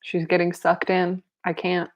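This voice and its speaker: A woman's voice: lowish voice, monotone, a little slow. A young woman reading a book aloud and breaking off into casual, laughing commentary and exclamations. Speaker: reader and commentator.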